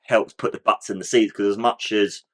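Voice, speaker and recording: A man with a somewhat low voice gives casual reaction commentary as the host of his own channel. He rambles enthusiastically, stringing thoughts together with frequent "like" fillers. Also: little pitch movement, normal speed, a bit bright.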